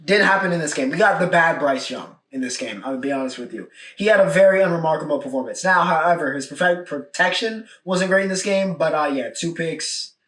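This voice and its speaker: A man's voice: a little high, a little fast, hardly any pauses, fairly bright tone. A young man hosting a solo sports podcast, talking casually and emphatically, often repeating his points with "all right?". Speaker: podcast host. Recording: echoey room, mic at a distance.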